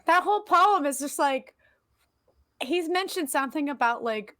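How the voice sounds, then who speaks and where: A woman's voice: high-pitched, moderate pace, pushed and bright, no echo. A woman co-hosting a podcast in casual chat, emotional and swearing, with many fillers. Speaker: podcast co-host.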